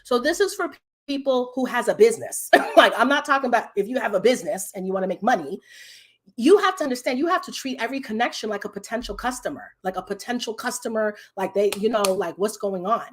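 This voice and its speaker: A woman's voice: a little high, expressive, fast. A woman business coach hosting a live stream, chatting casually and animatedly with her viewers and laughing often.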